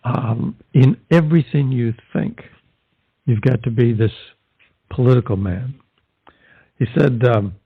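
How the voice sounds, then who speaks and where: A man's voice: mid-range voice, lively intonation, measured pace, vocal fry, husky, dry recording. A man presenting as a Catholic evangelist, giving fervent podcast commentary full of rhetorical questions. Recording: tinny phone-like line, dry.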